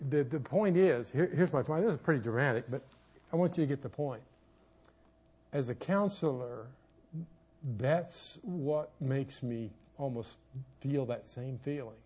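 Husky-voiced preacher telling an animated story. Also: male voice, medium pitch. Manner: animated storytelling with sudden shouts and asides. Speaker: pastor and marriage counselor. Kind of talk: sermon with a personal story. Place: church.

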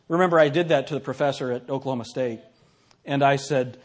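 A fast-talking man with a mid-range voice delivers a classroom lecture, reading examples aloud and posing questions to his audience in an animated, conversational manner.

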